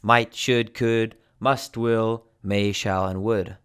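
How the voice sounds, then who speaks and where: Slow, deliberate American man teaching. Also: lowish voice, steady tone, fairly bright tone, clean tone. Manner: slow, deliberate, repeats examples. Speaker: English teacher. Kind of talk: pronunciation lesson.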